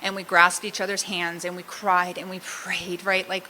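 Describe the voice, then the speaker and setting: A woman's voice: on the low side, level tone, normal speed, sharp tone, a little hiss or hum, poor audio. A middle-aged woman from Southern California sharing her recovery story in a candid, self-mocking way, often laughing at herself. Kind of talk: personal testimony talk.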